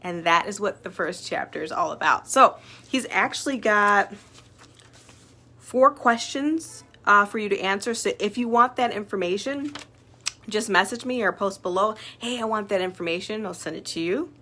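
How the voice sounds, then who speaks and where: A woman's voice: medium pitch, lively intonation, moderate pace, pushed and bright, slight background noise. A woman who owns a small business, talking casually to her followers about personal growth in an upbeat, chatty way with many fillers. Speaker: small business owner sharing self-development. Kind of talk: casual talk to camera.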